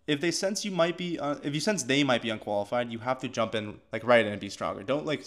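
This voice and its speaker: A man casually teaching how to run sales calls, talking loosely with lots of filler words and restarts. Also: medium pitch. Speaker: agency coach.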